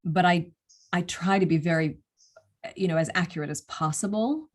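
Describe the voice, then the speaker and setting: Low-voiced young American woman explaining. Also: moderate pace. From United States. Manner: thoughtful, explains step by step with small restarts. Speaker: audiobook narrator and actor. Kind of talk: casual interview answers.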